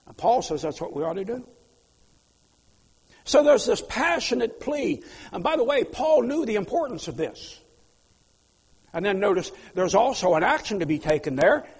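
A man preaching a sermon, his voice high and gravelly with a husky edge. He rises into loud pleas, then drops to quiet asides. A long hall reverb trails behind every phrase. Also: sing-song, normal speed, pauses often. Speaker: pastor.

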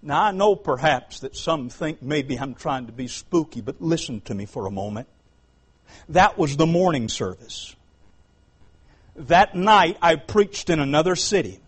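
A man with a Southern US accent preaching a revival sermon, moving between quiet storytelling and loud, high-pitched preaching. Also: animated, unhurried, slightly rough, poor audio.

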